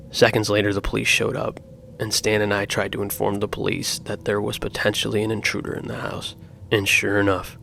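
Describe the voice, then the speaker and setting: Gravelly low-voiced man narrating horror. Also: fairly bright tone, slight background noise.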